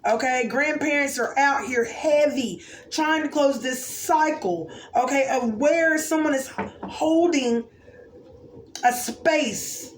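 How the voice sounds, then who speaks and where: A woman with a high-sitting voice takes it slowly as she gives her viewers an intuitive oracle card reading. Musing and exclamatory, she repeatedly checks in with "okay?" The space sounds echoey, with faint background noise.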